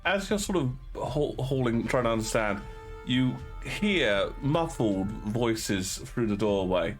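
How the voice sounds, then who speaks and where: A man's voice: mid-range voice, lively intonation, slow, soft background music. A man running a tabletop game as dungeon master, talking with many fillers and restarts.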